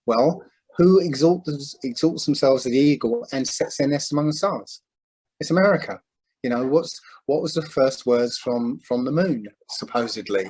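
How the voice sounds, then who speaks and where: A man in a religious panel discussion, talking in a halting way, full of ums and restarts. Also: mid-range voice, darkish tone, husky, rough recording. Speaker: panel speaker.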